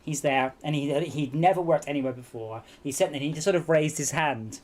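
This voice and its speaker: A man's voice: fairly high pitch, brisk. A man hosting a casual game-night stream, telling rambling anecdotes full of restarts. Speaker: stream host. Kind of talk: casual chat.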